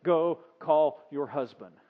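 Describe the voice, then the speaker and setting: A man voicing a calm, measured Jesus. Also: a little high. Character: calm, unhurried Jesus speaking plainly. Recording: dull sound with long reverb.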